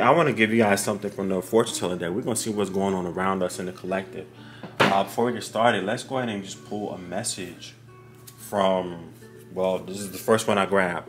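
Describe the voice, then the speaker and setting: A man giving a casual tarot card reading to his viewers, talking straight to them in a slangy, animated way. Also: sits low. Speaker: tarot reader.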